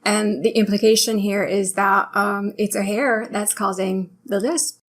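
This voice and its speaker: A woman's voice: medium pitch, steady tone, a little slow. Upbeat woman teaching pronunciation. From France. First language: French. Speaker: language teacher. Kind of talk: scripted tutorial narration.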